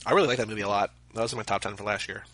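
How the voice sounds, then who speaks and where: A man's voice: on the low side, fairly even intonation, very fast, fairly bright tone, breathy edge, no echo, poor audio. A man co-hosting a podcast, chatting casually about movies with jokey, rambling asides. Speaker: podcast co-host. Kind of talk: casual movie commentary chat.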